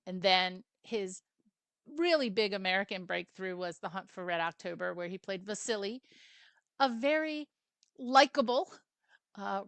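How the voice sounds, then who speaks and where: A woman's voice: medium pitch, a bit bright, clear, resonant tone, dry recording. Chatty woman hosting a film chat. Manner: chatty, rambling, with many asides and fillers. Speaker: film club host. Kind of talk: casual film review chat.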